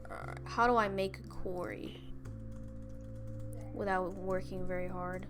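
A woman's voice: medium pitch, steady tone, unhurried, music in the background. A woman playing a video game while chatting, with goofy, self-mocking banter. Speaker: gamer in voice chat. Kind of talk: casual gaming chat.

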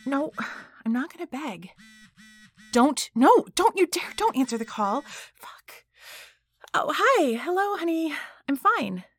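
A high, breathy whispered role-play voice of a flustered wife, performed by a woman. She drops into hushed whispers and then breaks into pleading. The sound is close and dry, with no room around it. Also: big pitch swings, slow pace, long pauses, no room sound, full character voice. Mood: tense. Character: flustered married woman, tied up, hiding a secret. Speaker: voice actor in an audio role-play.

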